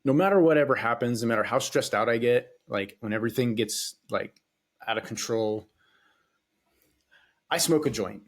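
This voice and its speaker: A man's voice: medium pitch, moderate pace, long pauses. A man hosting a solo podcast, talking in a casual, rambling way, swearing freely and hesitating often. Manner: rambling and profane, with frequent hesitations. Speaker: podcast host.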